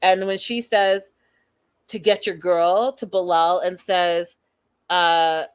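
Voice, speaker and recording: Recapping a reality TV episode on her show, a young woman gives lively, opinionated takes and performs the lines she quotes. She speaks slowly in a smooth, lowish voice, with no echo in the recording.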